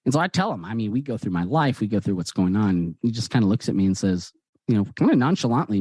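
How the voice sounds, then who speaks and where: Animated male storyteller, dry sound. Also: on the low side, fast, breathy edge, no echo. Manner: animated, acts out quoted dialogue. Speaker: guest author. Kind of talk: conversational storytelling.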